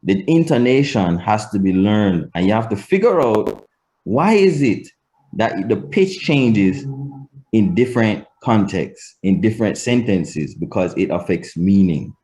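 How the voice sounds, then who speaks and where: Male teacher, explanatory lesson, unhurried delivery, very lively pitch. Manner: slow, deliberate explaining with demonstrated pitch swings. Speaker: language teacher.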